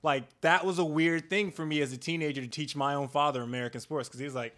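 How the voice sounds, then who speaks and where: A young man in casual podcast chat, animated and joking, laughing often. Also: a little high, fast talker.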